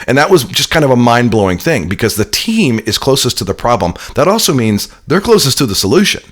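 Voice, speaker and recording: A man's voice: mid-range voice, big pitch swings, fast talker, a bit bright. A man being interviewed, explaining his ideas with energy, often repeating words as he starts a sentence. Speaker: interview guest. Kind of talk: conversational business interview.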